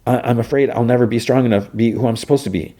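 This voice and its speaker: A man's voice: mid-range voice, rapid-fire, warm tone, voice pushed up, close to an everyday voice. A man voicing a nervous, apologetic teenage boy hero, stammering in a raised voice. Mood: anxious. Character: teen boy hero, earnest, guilty, unsure.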